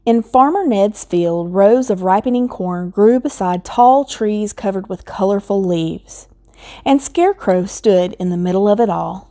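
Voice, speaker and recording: Mellow woman reading a picture book. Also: medium pitch, a little slow. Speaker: storybook reader.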